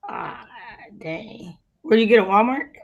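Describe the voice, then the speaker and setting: A woman's voice: mid-range voice, lively intonation, unhurried, muffled recording. A woman in playful, laid-back banter during a casual chat.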